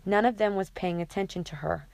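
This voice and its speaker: Casting note: woman audiobook narrator, steady delivery, gravelly low voice, dry close sound. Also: fairly quick, no echo.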